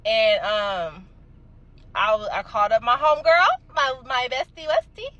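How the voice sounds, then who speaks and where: A young adult woman telling a casual storytime, animated and emphatic, swearing freely. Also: on the high side, a little slow, highs cut off.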